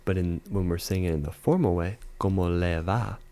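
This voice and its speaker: Low, mellow-voiced man teaching a lesson. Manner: explains step by step, repeats phrases slowly, fillers like "you know". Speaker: language teacher. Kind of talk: casual video lesson.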